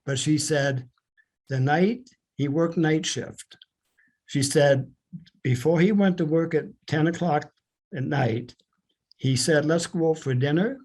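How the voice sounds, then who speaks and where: An older man from Canada, a podcast guest, retelling a story in an earnest, halting way that turns emotional. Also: fairly high pitch, darkish tone. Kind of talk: storytelling in an interview.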